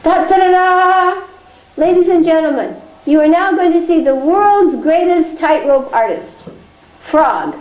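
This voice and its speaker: A woman voicing a theatrical announcer that booms from the sky. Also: a little slow, darkish tone. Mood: grand. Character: grand booming announcer voice from the sky. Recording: echoey room with faint noise.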